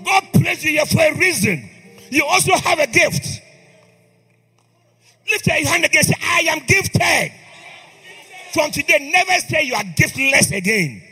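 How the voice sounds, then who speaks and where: High, bright-voiced man preaching a sermon. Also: sing-song, moderate pace. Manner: impassioned, calls on the congregation to respond. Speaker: priest. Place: church. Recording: long hall reverb with faint music.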